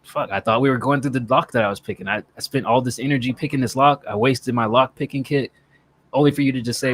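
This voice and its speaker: A man co-hosting a podcast retells a co-op game session in casual chat, telling the story animatedly, acting out quotes and swearing plenty. His voice is mid-range and fast.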